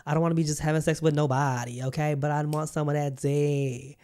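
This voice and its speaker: A man's voice: a little high, flat delivery, brisk, clear, resonant tone, natural voice. A man doing a brash, frustrated single woman. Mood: exasperated. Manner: loud, exaggerated ranting.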